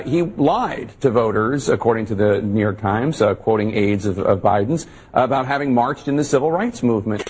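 A male TV anchor with a husky, mid-pitched voice delivers broadcast news commentary. He reads quoted passages in a measured way and adds wry asides. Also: poor audio.

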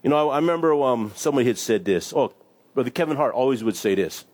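Casual pastor, mid-pitched man. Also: lively intonation, fast talker, darkish tone. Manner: conversational, acts out little voices with laughs. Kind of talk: casual sermon with scripture reading.

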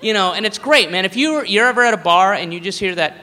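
A man's voice: high voice, expressive, fast, pushed and bright. A man doing a stand-up comedy routine, rambling and profane, with laughing asides. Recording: live room with long reverb.

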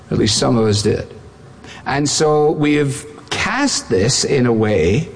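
A man's voice: high voice, long reverb tail. A male pastor preaching a sermon emphatically, building his points through repeated phrases.

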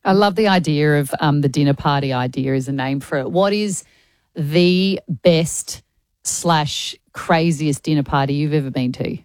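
A woman's voice: sits low, measured pace, a little mellow, clean tone, no echo. A woman co-hosting drive-time radio, chatty and curious, asking long rambling questions. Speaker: radio co-host.

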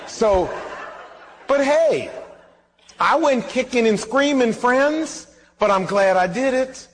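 A man's voice: extremely high pitch, expressive, slow pace, in a large hall, slight background noise. A man preaching a sermon as pastor, telling a personal story and acting out both sides of the conversation.

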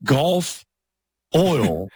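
A man's voice: on the high side, very animated, very slow, dark tone, breathy edge, no echo. A man co-hosting a casual chat, jokey and laughing through his own remarks. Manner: jokey, laughing while telling.

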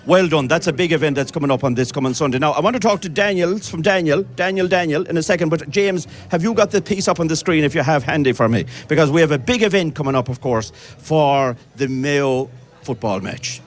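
Irish guy doing a live radio outside broadcast, bit high voice, chatty and upbeat. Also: brisk. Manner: chatty, upbeat, banters with guests.

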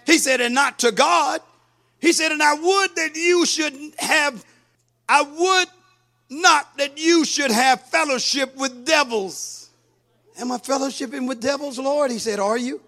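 A man preaching a sermon, fervent, breaking into shouts and sing-song cadences. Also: very high voice, slow pace.

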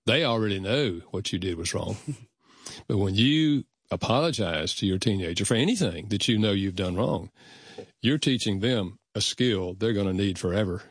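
Low-voiced older man telling stories earnestly. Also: animated, slightly rough, dry recording, clean studio sound. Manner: earnest, measured, acts out remembered dialogue. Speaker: guest author. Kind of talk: reflective storytelling in conversation.

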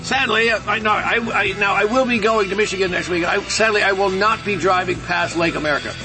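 A man's voice: sits high, brisk, over music. A man hosting a talk radio show, joking and rambling in a sarcastic way.

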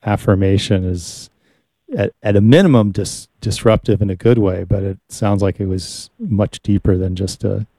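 A male interviewer with a low, mellow voice, recorded dry and close. He asks thoughtful questions and often pauses to find his words. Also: fairly even intonation, dry recording. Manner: thoughtful, searching for words with fillers. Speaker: interviewer host.

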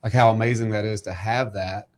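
A middle-aged man hosts a faith-centered talk in a low, rather flat voice. He talks in an earnest, preacherly way and offers his own testimony. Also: fairly quick. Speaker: podcast host.

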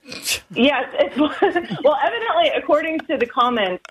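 A woman's voice: sits high, sing-song, normal speed, a little hiss or hum, low-quality recording. An American woman guest on a radio show, talking hesitantly with many fillers and giggles. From United States. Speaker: guest caller. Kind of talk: casual radio interview.

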